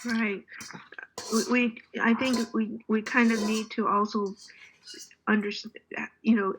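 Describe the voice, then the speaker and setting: A woman on a health board discussing wording in a meeting, talking in halting starts and restarts. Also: medium pitch, bright, forceful tone, a little hiss or hum, rough recording.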